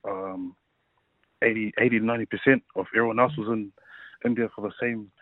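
A man in his thirties, a rugby league player, telling his personal story in a casual interview, halting and full of fillers. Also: fairly low pitch, fairly even intonation, dry recording. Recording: tinny phone-like line.

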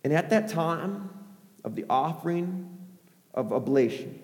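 A man preaching a sermon, retelling a Bible story in a lively way with frequent "right?" asides and a hush for quoted lines. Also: fairly high pitch, unhurried. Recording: echoey hall with long reverb.

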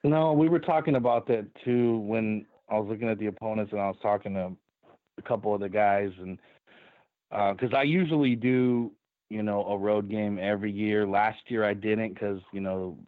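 A man's voice: fairly low pitch, no room sound. A man co-hosting a casual sports podcast, telling rambling stories and laughing often. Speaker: podcast co-host. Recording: tinny phone-line sound.

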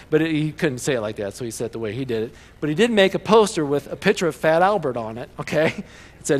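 A man preaching a sermon as a pastor, telling stories with bursts of loud excitement. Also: mid-range voice, quick pace, long reverb tail.

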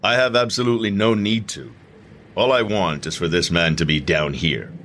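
A man's voice: deep voice, moderate pace, a little hiss or hum. A man playing a sinister underworld agent. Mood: gloating. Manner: calm, persuasive, quietly gloating. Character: sinister male underworld agent in black suit. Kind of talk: horror audio drama acting.

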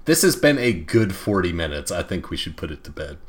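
A man's voice: low-pitched, sing-song, fairly quick. A young man co-hosting a podcast in casual chat, rambling with many fillers and laughing often. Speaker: podcast co-host.

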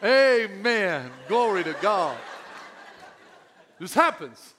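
A middle-aged man pastor preaching a sermon in an animated, joking way. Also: sits high, very slow, some chatter behind, slight background noise.

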